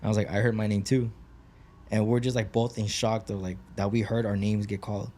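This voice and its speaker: This podcast co-host is a man with a lowish, warm voice that stays fairly flat in pitch and moves a little fast. He chats casually while telling a story, swearing freely and leaning on lots of "like" and "bro."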